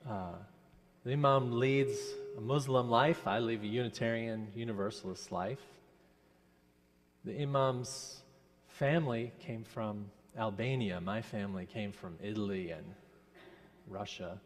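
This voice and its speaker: A man's voice: on the low side, unhurried. Man minister talking to children, long church reverb. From New Jersey. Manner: asks the children questions, gentle teacherly tone. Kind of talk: children's story in a worship service. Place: church sanctuary.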